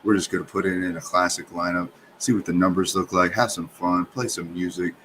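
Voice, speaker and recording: A man's voice: low voice, steady tone, fairly quick, a bit bright, slight background noise, low-quality recording. A man hosting his own channel, chatting in a laid-back, rambling way. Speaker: channel host. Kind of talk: casual livestream chat.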